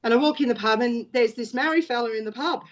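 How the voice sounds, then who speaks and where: A woman's voice: on the high side, fast talker, muffled recording. Woman, Australian accent, middle-aged, interview guest, chatty, rambling storyteller. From Wales. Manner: rambling and chatty, with frequent restarts and laughs. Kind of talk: casual storytelling chat.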